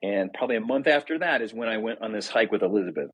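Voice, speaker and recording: A man's voice: lowish voice, fast talker, husky, low-quality recording. A middle-aged man, a podcast guest, telling his story candidly and explaining ideas in a conversational way.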